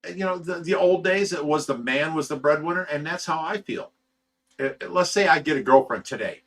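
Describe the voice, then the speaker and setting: A man with a fairly high voice talks fairly quickly while hosting a livestream, casually reading out viewer comments. He's blunt and rambling, swearing freely. The mic is distant.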